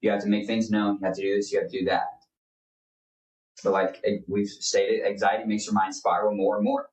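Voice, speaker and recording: A man's voice: on the low side, level tone, fairly quick, darkish tone. A young man, a podcast co-host, talking earnestly in a rambling, casual way with many fillers. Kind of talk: casual faith chat. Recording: roomy, distant mic.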